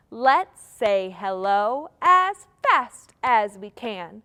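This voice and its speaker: A young woman leads a children's story time with a high, bright voice. She talks slowly and in a singsong, cheering the little ones on as she goes. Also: very animated.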